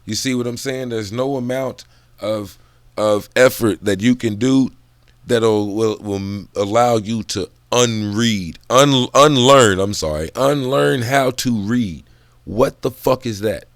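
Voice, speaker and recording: A man talks loosely and profanely about a book, wandering into side stories. He laughs between thoughts. His voice sits at an ordinary middle pitch, with a dry, close sound and no room echo. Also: takes it slowly. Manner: loose, profane, digressive talk. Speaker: book commentary vlogger. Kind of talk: casual profane book commentary.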